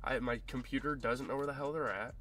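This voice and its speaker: A young man commentating his own basketball video game match, frustrated and swearing, often yelling at his opponent. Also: medium pitch, fairly even intonation, fairly quick, faint music behind. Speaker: gaming YouTuber. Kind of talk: live gameplay commentary.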